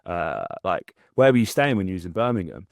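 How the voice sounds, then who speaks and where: A young man rambles through a story with lots of restarts and fillers. His voice sits fairly low. The recording is dry and close, with no room sound. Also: very animated, a little fast, gravelly, dry recording. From English Midlands. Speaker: podcast co-host. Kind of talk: casual chat.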